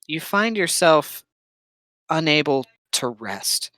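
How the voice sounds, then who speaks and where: A game master narrating a tabletop game and laying out each creepy detail slowly, with pauses between the beats. The voice sits at an ordinary pitch and is recorded dry and close, with no room around it. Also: big pitch swings, sharp tone, no echo, low-quality recording. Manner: slow, suspenseful scene-setting with pauses.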